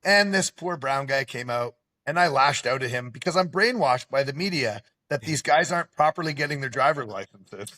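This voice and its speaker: A man hosting a podcast in casual, animated chat, often stopping to add "okay?" to drive his point home. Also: mid-range voice, normal speed, few pauses. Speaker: podcast host.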